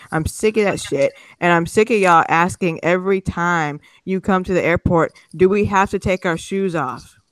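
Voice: mid-range voice, a bit bright, smooth, no room sound. A podcast host delivering an exasperated, profane comedic rant with sarcastic asides. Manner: sarcastic, mocks people's excuses.

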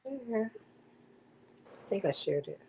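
A woman co-hosting a casual video-call talk show, laid-back and quick to laugh. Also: mid-range voice, animated, mellow, husky. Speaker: co-host.

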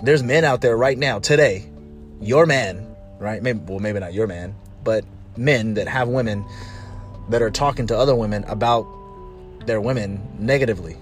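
A man's voice: on the low side, normal speed, faint music behind. Man talking about relationships. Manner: animated storytelling, mimicking others. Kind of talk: casual relationship monologue.

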